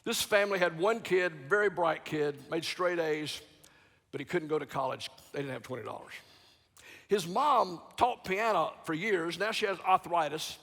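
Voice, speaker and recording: Gravelly, dramatic male preacher. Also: on the high side, moderate pace. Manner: dramatic, swings from loud to hushed. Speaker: guest preacher. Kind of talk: sermon. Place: large church sanctuary. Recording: long church reverb.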